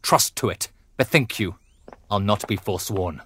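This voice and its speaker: A man's voice: on the low side, unhurried, slightly rough. A man playing a raging noble father. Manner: blustering, swings from growls to shouts. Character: furious domineering noble father, middle-aged. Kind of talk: classical stage drama.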